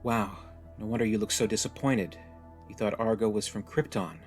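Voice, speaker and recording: A man's voice: on the low side, fairly even intonation, moderate pace, soft background music, close to an everyday voice. Jaded stranded young woman, tough and resigned, read by a male narrator. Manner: blunt, weary, resigned.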